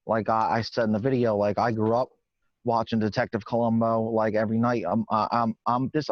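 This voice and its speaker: A man's voice: medium pitch, dry recording, lightly acted. Man doing a stammering Philly-working-class dude, swears a lot, muffled dry recording. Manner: rambling, stammering, swears casually. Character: nervous rambling working-class Philly guy. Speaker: interviewee. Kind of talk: improvised comedy character interview. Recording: dull lo-fi dry sound.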